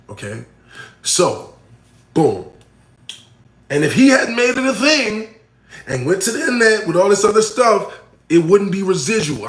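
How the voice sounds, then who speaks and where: A man, a battle rapper, talking casually to camera and answering a fan's question. He is blunt, repeats himself and swings between loud emphatic points and muttered asides. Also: medium pitch. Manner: blunt, repeats himself, full of "you know what I'm saying" and "right?". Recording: echoey room.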